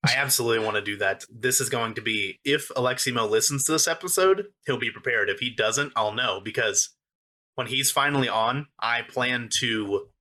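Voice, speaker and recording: A man's voice: medium pitch, normal speed, bright, forceful tone. A young American man hosting a podcast, chatting casually and laughing often between remarks. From United States. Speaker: podcast host. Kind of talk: casual chat.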